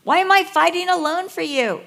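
A woman voicing an exasperated male prophet who pleads indignantly in a high, emphatic voice. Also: animated, brisk, creaky, a bit bright, heavily acted.

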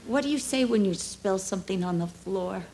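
A middle-aged woman preaching a sermon, expressive, acting out voices and dropping to hushed asides. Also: medium pitch, normal speed, background noise. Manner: expressive, acts out dialogue, drops to hushed asides.

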